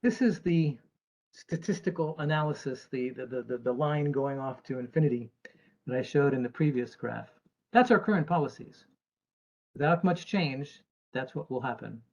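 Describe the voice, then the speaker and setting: A man's voice: medium pitch, moderate pace, darkish tone, lo-fi sound. An American man, an actuary, giving a presentation to investors in an earnest, emphatic way with dry asides. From United States.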